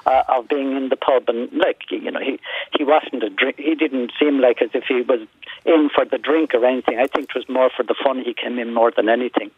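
A male caller on a radio phone-in, recalling memories in a halting way and repeating words as he searches for them. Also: mid-range voice, steady tone, breathy edge, no room sound. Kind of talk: reminiscing on a phone-in show. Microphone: telephone. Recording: dry tinny phone line.

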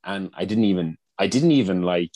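A man's voice: low-pitched, a little fast, warm tone, no room sound. A young man chatting as a podcast guest, rambling through funny stories, restarting sentences and laughing often. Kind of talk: casual storytelling chat.

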